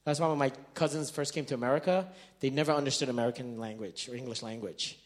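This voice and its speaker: A man preaching a sermon as pastor, telling stories in an animated way and acting out the dialogue, swinging between loud bursts and quiet stretches. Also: mid-range voice, fast talker. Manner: animated storytelling, acting out quoted dialogue with big swings in loudness.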